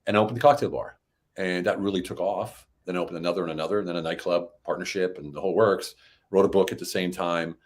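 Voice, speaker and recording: A middle-aged man telling stories as a podcast guest, animated and climbing high in pitch when he acts out what people said. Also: fast talker. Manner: animated, rises high when acting out quotes. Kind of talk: casual storytelling.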